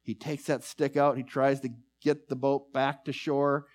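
A man's voice: mid-range voice, little pitch movement. Man preaching a sermon. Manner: storytelling with slow, emphatic pauses; reads scripture passages aloud.

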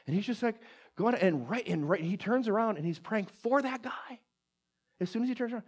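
A man preaches in a relaxed, conversational way, stopping and restarting as he retells a story. His voice sits a bit higher than most men's. When he quotes a prayer, he drops to a hushed tone. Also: fast talker. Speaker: pastor. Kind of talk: sermon with personal story.

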